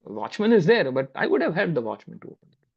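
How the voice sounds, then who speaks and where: During a spiritual talk held over a video call, a man with an Indian English accent tells a personal story conversationally, repeating his words. His voice is a little high, very animated, fast and creaky, and the call audio sounds dull and lo-fi.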